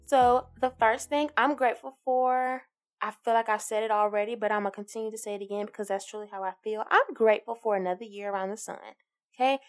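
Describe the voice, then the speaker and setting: A woman's voice: fairly high pitch, steady tone, fast talker, soft background music. A woman, hosting a casual solo podcast in an upbeat, encouraging, giggly way. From Alabama, US. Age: 20s. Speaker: podcast host.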